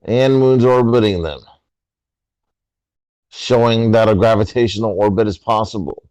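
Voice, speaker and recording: A man's voice: on the low side, moderate pace, a little mellow, dry recording, lo-fi sound. Een man die sarcastisch en spottend discussieert in een verhit online debat. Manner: sarcastic, mocking. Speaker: panelist.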